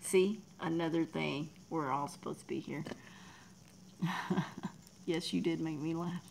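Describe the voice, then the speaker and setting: Gravelly-voiced Texan woman chatting. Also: deep voice, steady tone, a little slow, darkish tone, slight background noise, poor audio. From Texas. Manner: rambling and chatty, laughs often, reads chat aloud. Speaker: livestream artist. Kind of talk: casual chat with viewers.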